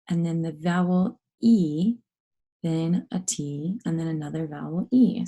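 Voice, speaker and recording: A woman teaches early phonics, breaking words into syllables and praising young learners as she goes. Her voice sits low with a slightly husky, gravelly texture. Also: unhurried, mellow, poor audio. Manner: patient, sounds out letters and syllables, encouraging. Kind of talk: slow, clear phonics lesson for young children.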